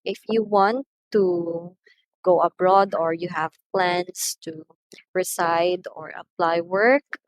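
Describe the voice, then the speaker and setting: A woman with a Filipino accent teaching English pronunciation, slowly repeating each example word so it can be drilled. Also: fairly low pitch, steady tone, poor audio. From Philippines. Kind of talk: online lesson on English pronunciation.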